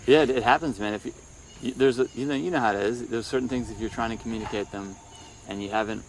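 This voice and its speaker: A young man in casual conversation, thinking aloud in halting, rambling sentences full of restarts. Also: medium pitch, slight background noise. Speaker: podcast co-host, musician. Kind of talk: casual phone chat.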